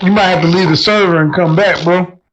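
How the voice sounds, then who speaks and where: A man's voice: sits high, fairly even intonation, brisk, a little hiss or hum. A man on a casual group voice chat, adding short laid-back interjections. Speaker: voice chat participant. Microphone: online voice chat mic. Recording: muffled lo-fi voice chat audio.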